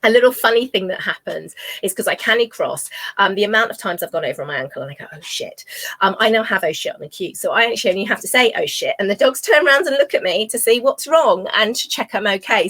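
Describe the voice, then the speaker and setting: A woman's voice: medium pitch, a bit bright, dry recording. A middle-aged woman, chatting casually to camera about walking reactive dogs, rambling with lots of ums and you knows. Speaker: dog trainer vlogger. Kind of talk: casual talk to camera while dog walking. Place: outdoors on a walk.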